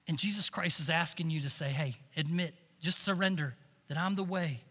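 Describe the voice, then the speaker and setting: A man delivers a storytelling sermon in a high, very bright voice. He drops to hushed lines and then rises to loud, emphatic peaks. The sound carries a long reverb from a large hall. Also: expressive, moderate pace. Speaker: camp director and preacher.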